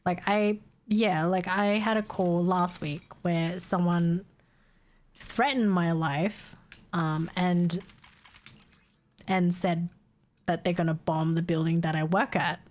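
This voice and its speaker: A woman's voice: fairly low pitch, fairly even intonation, slow, a little mellow. A young woman, chatting casually on a live stream, venting in exasperation, laughing often and swearing.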